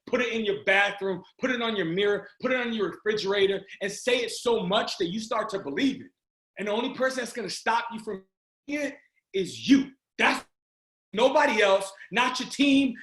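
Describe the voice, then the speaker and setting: A man giving an energetic motivational pep talk to a sales team over a video call, often shouting and urging listeners on. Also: sits high. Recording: roomy video call audio.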